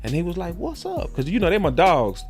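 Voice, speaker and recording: Fired up and full of slang, this sports podcast host repeats himself in heated casual talk, his fairly high voice quick and expressive. Faint music plays behind him.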